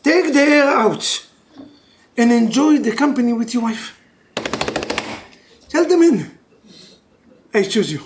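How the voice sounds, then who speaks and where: A man, a rabbi, giving an animated and joking class to couples. He mixes Hebrew terms into non-native English and moves between loud outbursts and hushed intensity. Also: very high voice, takes it slowly, long pauses, a little hiss or hum. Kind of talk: lively religious class for couples.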